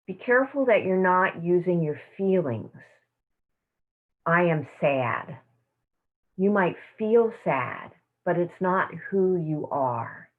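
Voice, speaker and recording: A woman teaching a self-care class, speaking in a soft, slow, affirming way over a video call. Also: fairly low pitch, lively intonation. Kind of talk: guided meditation and teaching. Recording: tinny phone-like audio.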